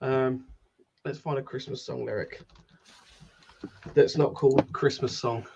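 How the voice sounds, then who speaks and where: A man's voice: mid-range voice, steady tone, measured pace, vocal fry, background noise. A man co-hosting a casual podcast chat, laid-back and swearing casually. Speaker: podcast co-host.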